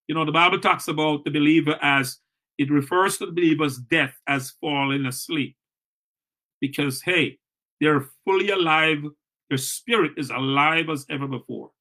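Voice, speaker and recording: A man's voice: fairly high pitch, normal speed, pushed and bright. A male pastor teaching a Bible study in an earnest way, repeating phrases for emphasis, livestreamed from a church.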